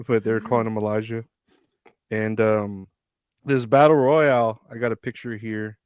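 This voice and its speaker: A man's voice: on the low side, fairly even intonation, normal speed, darkish tone, smooth, no room sound. Laid-back man laughing through wrestling chat. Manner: laughs often, loose and rambling. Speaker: podcast co-host. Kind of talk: casual chat.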